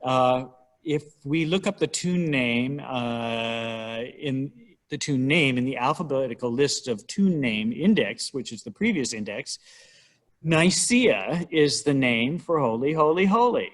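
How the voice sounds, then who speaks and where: A man's voice: mid-range voice, animated, a little slow. A middle-aged man giving an informal, wry talk on hymnals at a church, chatting and sometimes counting syllables aloud.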